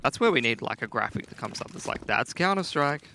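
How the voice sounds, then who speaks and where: A man giving color commentary on an esports match at an early hour, tired but playful. His bright voice banters and laughs with the other casters over a light background hiss. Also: medium pitch, big pitch swings, fast talker, vocal fry. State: tired, up before dawn.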